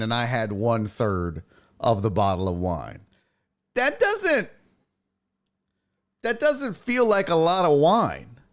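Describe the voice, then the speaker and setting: A man hosting a live stream show, chatting casually and profanely and greeting viewers by name. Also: mid-range voice. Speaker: podcast host on a live stream. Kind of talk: casual chat, reading out live chat.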